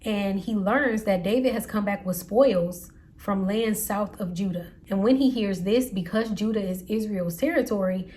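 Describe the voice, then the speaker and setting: A woman's voice: mid-range voice, moderate pace, few pauses, a little mellow. A woman hosting a Bible reading show, retelling scripture in a casual, slangy, conversational way with playful quoted voices. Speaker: Bible study host.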